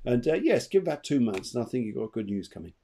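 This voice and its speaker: A man gives a live psychic reading over a video call. His pitch swings widely, and he rambles warmly and chattily, often repeating his words. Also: fast talker. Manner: animated, chatty, trails off and repeats himself. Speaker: medium and co-host.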